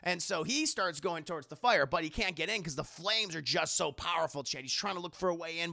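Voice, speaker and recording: Man recapping a cartoon live, casual, swearing, gravelly, high. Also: a little fast, few pauses. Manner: casual, profane, animated. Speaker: streamer reviewing anime. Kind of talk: live-stream episode recap.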